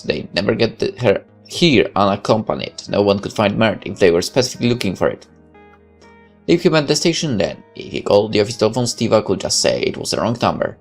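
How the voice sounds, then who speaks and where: A man with a very low, gravelly voice narrates a visual novel aloud. He reads steadily and now and then drops a casual aside. Quiet music plays in the background. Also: sing-song, a little fast.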